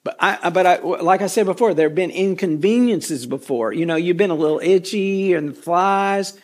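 A man's voice: sits high, normal speed. A man teaching a casual Bible study, folksy and rambling with chatty asides.

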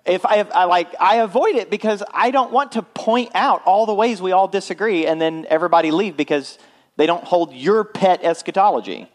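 A man's voice: sits high, normal speed. Male pastor, conversational sermon delivery, frequent check-ins with the congregation. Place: church.

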